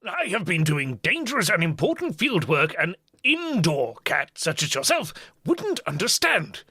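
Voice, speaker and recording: A pompous, greedy male cat newsman, voiced by a woman in an audio comedy. He talks slowly in a bright, breathy voice that swoops wildly up and down, all grand airs. Dry, close recording. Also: on the low side, sing-song, no room sound, exaggerated voice. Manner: grandiose, dramatic, easily panicked. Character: pompous male tomcat news co-host, greedy.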